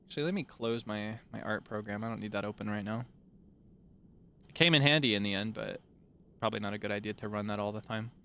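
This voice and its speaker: A man's voice: fairly low pitch, fast, fairly bright tone, clear, resonant tone. A man streaming live, chatting playfully with his viewers, teasing them and sharing bits of trivia. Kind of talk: casual livestream chat with viewers.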